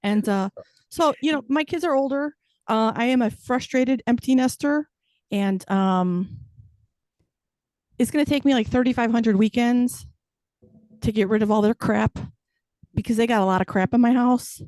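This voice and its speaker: A woman's voice: a little high, normal speed, darkish tone, no echo. A woman in her fifties performing a stand-up comedy set with wry, self-deprecating punchlines. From United States. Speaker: stand-up comic.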